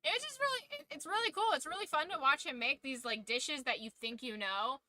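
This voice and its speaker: A woman's voice: high-pitched, animated, fairly quick, pushed and bright, no room sound, rough recording. A woman streamer chatting casually with her viewers, rambling and chatty, swearing freely and trailing off mid-thought. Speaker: streamer hosting a watch-along. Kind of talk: casual live chat.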